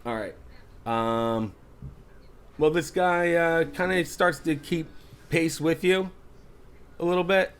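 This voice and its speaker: A man's voice: a little high, clean tone. A man running a tabletop horror game as game master, narrating casually with lots of fillers. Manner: casual, halting, with many fillers.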